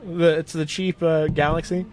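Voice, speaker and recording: Playful man with a higher voice. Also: flat delivery, normal speed. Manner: playful, teasing, laughs often. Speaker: podcast co-host. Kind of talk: casual chat.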